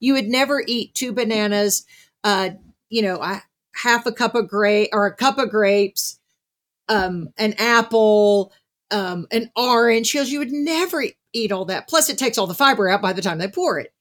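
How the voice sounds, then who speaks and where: A woman's voice: mid-range voice, moderate pace. Chatty woman podcast host. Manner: chatty, retells a book with lively asides. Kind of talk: casual interview chat.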